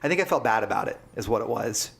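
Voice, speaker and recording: A man's voice: lowish voice, animated, fast, creaky, fairly bright tone, husky. A man hosting a casual podcast, joking and telling stories about his old sales jobs. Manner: joking, self-deprecating storytelling. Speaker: podcast host.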